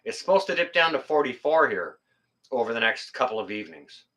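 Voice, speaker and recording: A middle-aged livestream host from Canada reads viewer comments in a casual chat, his medium-pitched voice pushed and bright with big pitch swings and a slightly fast pace. He jokes, rambles, swears mildly, and laughs at what chat says.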